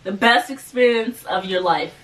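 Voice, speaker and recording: A woman's voice: mid-range voice, normal speed, distant mic, slight background noise. Chatty young woman, slightly off-mic. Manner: animated, chatty, laughs often. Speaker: vlogger. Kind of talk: casual storytime chat. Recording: voice a bit off-mic, faint music behind.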